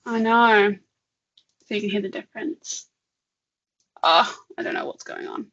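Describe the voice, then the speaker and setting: A woman with a bright, forceful voice co-hosts a casual online session, talking her way through a live software demo and laughing often. Her audio comes through a slightly dull, lo-fi video call line. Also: mid-range voice, unhurried. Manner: chatty, laughs often, thinks aloud. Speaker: webinar co-host.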